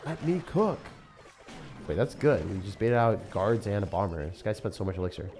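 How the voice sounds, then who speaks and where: A man chatting excitedly while live-streaming a mobile game, often laughing and talking to his viewers. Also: on the low side, moderate pace, soft background music. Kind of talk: live-stream gameplay chat.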